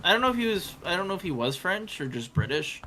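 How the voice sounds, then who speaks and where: A man's voice: high-pitched, very animated, fast talker, pushed and bright, faint music behind. A man chatting casually with friends while gaming, telling a rambling story with laughs and restarts. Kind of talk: casual chat while playing.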